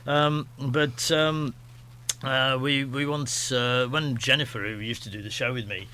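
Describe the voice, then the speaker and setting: A radio host from Stafford, England, speaks with a Staffordshire accent in a medium-pitched, steady, smooth voice with a sharp edge, going a little slowly. In the studio his casual chat rambles, self-deprecating and full of restarts.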